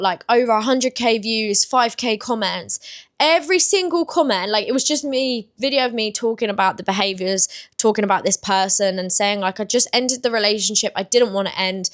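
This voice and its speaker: A woman in her twenties with a British accent, talking openly and casually to camera in a confessional vlog, with many filler words. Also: medium pitch. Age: 20s. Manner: open, chatty, many "like" fillers. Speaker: vlogger.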